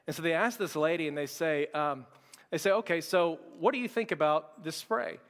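A young man preaching a sermon as pastor, conversational and joking with quick asides. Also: on the high side, fairly bright tone, long reverb tail. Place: church sanctuary.

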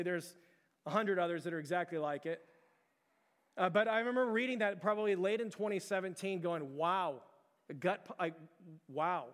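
A young man preaching a sermon in a church, talking casually to the congregation with rhetorical questions and slangy asides. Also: high-pitched. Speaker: pastor. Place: church sanctuary. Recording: hall with long reverb.

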